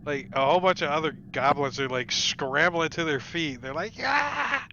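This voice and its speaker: A man's voice: fairly high pitch, a little fast, bright, forceful tone, highs cut off, slight background noise. Chuckling man running a tabletop game. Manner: casual, chuckling, lots of "like" and "uh". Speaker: game master.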